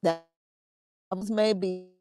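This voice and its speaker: Slow-talking woman telling a story. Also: medium pitch, fairly even intonation, warm tone, no room sound, soft background music. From United States. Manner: conversational, repeats words, laughs often. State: emotional, fighting tears. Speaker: podcast host. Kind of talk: personal storytelling.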